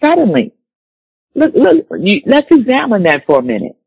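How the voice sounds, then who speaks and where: A man preaching a sermon, reading scripture slowly and repeating key words for emphasis. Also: sits high, huge pitch swings, vocal fry, slightly rough, no room sound, dull audio.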